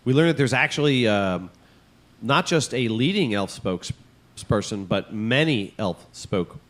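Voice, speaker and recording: A man's voice: fairly low pitch, lively intonation, measured pace. A man co-hosting a comedy podcast, telling rambling, profane stories in casual chat. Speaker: podcast co-host.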